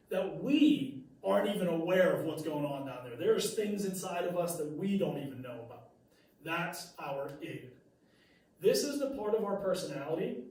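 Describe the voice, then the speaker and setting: A man's voice: fairly high pitch, a little slow. Man teaching in an echoey classroom. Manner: animated storytelling with fillers and restarts. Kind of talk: classroom lecture with anecdote. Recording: echoey room, mic at a distance.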